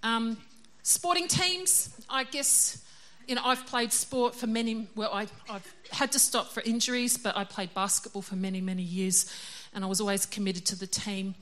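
A middle-aged woman preaches in a casual, conversational way and keeps laughing at herself. Her voice is bright and sits a little high. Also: steady tone, normal speed, few pauses. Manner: chatty, self-deprecating, laughs often. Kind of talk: casual sermon.

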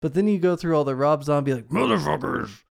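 A man's voice: fairly high pitch, fast talker, darkish tone, smooth, no room sound. A man hosting a podcast, chatting casually with wry, dry humor into a podcast microphone. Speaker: podcast host.

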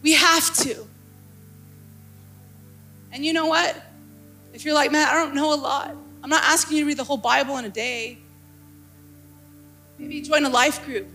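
A young woman pastor preaching with a very high, bright and forceful voice. She speaks passionately and often climbs into fervent, exclaiming bursts. Soft music plays beneath her. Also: steady tone, moderate pace, pauses often. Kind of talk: sermon.

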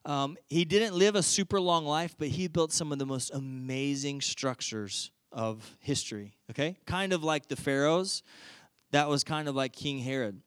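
High-voiced man preaching, storytelling style. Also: normal speed, clean tone, dry recording. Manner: animated storytelling, conversational. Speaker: pastor. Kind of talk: sermon.

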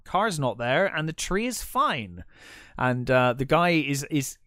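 A man chatting about a film on a podcast, stumbling over his words and laughing between thoughts. His pitch rises and falls a lot, and the sound is close and dry with no room echo. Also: sing-song, fairly bright tone. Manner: halting, repeats words, chuckles often. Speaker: podcast co-host. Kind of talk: casual film discussion.

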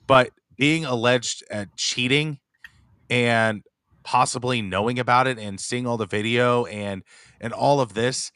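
A man's voice: measured pace, fairly bright tone, clear, resonant tone, dry recording, clean studio sound. Heated, mocking podcast co-host man. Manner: heated, mocking, mimics in high squeaky voices. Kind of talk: casual sports chat.

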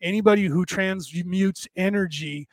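Older man with a gray-haired rasp, talking on and on. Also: high-pitched, unhurried, no room sound. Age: older, with graying hair. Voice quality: says his voice is damaged but penetrating. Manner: rambling, with frequent restarts; tired from talking for hours. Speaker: podcast host. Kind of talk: casual monologue.

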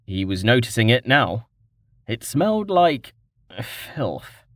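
A male audiobook narrator reading fantasy prose in an unhurried, measured way. His pitch moves freely through each sentence, and the recording is dry and close. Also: big pitch swings, no echo.

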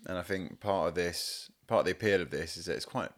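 A man's voice: deep voice, a little fast. A man co-hosting a comedy podcast as its producer, laid-back and laughing often in casual chat.

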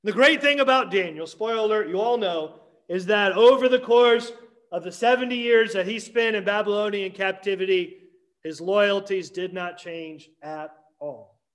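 Man, pastor, Sunday sermon, high voice, emphatic, repeats words for effect. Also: fairly bright tone. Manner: emphatic preaching with dramatic pauses and repetition.

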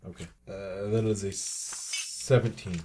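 Blunt low-voiced male player. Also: steady tone, slow, noisy background. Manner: blunt, emphatic. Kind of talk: casual tabletop play.

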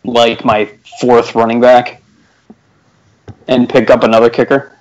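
A man's voice: mid-range voice, little pitch movement, measured pace, darkish tone. A man co-hosting a fantasy football podcast, chatting casually during a draft, joking and laughing often. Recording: dull lo-fi recording.

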